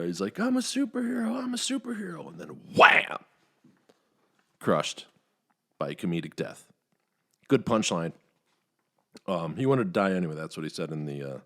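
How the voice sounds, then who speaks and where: A man hosting a podcast, recapping a movie in a casual, rambling way, with many fillers and some swearing. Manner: rambling, many "uh" fillers, profane, acts out quotes in higher voices. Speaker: podcast host reviewing a movie.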